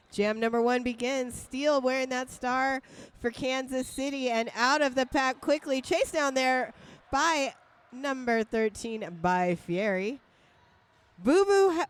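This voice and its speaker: A woman's voice: high-pitched, clear, resonant tone. A woman announcing a roller derby bout live, giving play-by-play with playful, jokey banter between calls.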